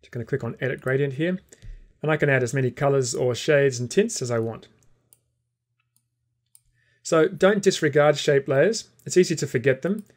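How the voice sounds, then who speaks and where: A man teaching a software tutorial, calmly explaining each step while he clicks through the program. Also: medium pitch. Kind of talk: screen-recorded software tutorial.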